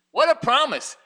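A man's voice: very high-pitched, pushed and bright. A man preaching a sermon, reading scripture aloud and driving his points with rising intensity. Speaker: pastor.

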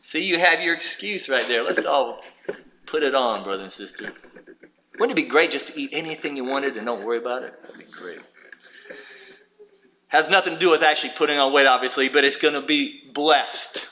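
Male preacher, high bright tenor, lively sermon delivery, echoey room. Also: moderate pace, pauses often, slight background noise. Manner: animated preaching with rhetorical questions and acted-out quotes.

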